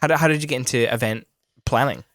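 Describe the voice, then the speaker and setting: A man's voice: medium pitch, quick pace, a bit bright, no echo, studio quality. A man hosting a podcast, asking questions in a joking, teasing way. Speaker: podcast host. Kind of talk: casual podcast interview.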